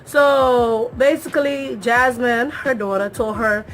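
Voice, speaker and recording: A woman's voice: a little high, fairly even intonation, takes it slowly, a bit bright. A young woman talking straight to her viewers in a casual, emphatic recap, repeating phrases for effect. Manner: talks straight to viewers, calls them y'all. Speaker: reality show recap vlogger.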